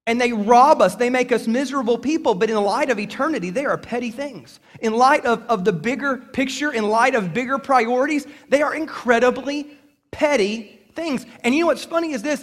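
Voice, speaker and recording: Pastor, man, high-pitched, animated preacher with call-and-response, reverberant sanctuary. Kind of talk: sermon. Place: church sanctuary.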